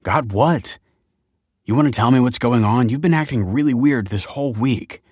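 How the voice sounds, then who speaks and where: A man's voice: medium pitch, moderate pace, slightly rough, dry recording, studio quality, pitched above the performer's own voice, close to an everyday voice. A man voicing an easygoing husband, mildly puzzled and concerned.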